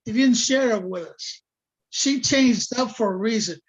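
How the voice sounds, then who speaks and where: A man's voice: very high voice, unhurried. A man in a casual chat show giving blunt, opinionated relationship advice. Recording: dull lo-fi sound.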